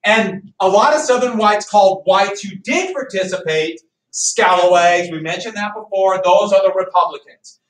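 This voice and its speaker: A man's voice: sits high, moderate pace, hardly any pauses, a bit bright. A male history teacher lecturing a class in a chatty, teasing way. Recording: echoey classroom from far off, faint noise.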